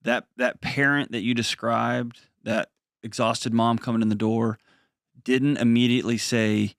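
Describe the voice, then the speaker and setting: A man's voice: medium pitch, steady tone, unhurried, creaky, no echo, clean studio sound. A man hosting a podcast, responding enthusiastically and emphatically to his guest. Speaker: podcast host. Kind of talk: casual chat.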